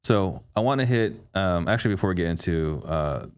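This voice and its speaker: A man hosting a business podcast who asks short, direct questions and keeps up steady brief acknowledgments. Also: low voice, fairly quick, clean tone. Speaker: podcast host.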